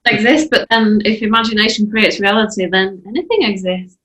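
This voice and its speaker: An English woman speaking as a guest on a casual call, eager and chatty as she relays a conversation. Her voice sits at an ordinary pitch and rings with a roomy echo from the space she is in. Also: fairly quick, fairly bright tone. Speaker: self-love coach, guest.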